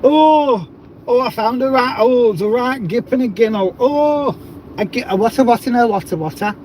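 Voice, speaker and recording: A man's voice: extremely high pitch, normal speed, a little mellow, slight background noise, voice pushed up. A man voicing a blunt, chatty Yorkshire local man with an exaggerated Yorkshire accent for a comic bit in casual livestream chat. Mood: comic mimicry.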